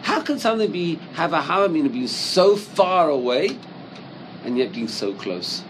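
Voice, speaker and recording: A man's voice: on the high side, big pitch swings, normal speed, a bit bright, slight background noise, low-quality recording. A man teaching a Torah class in English, reciting Hebrew verses and asking many rhetorical questions.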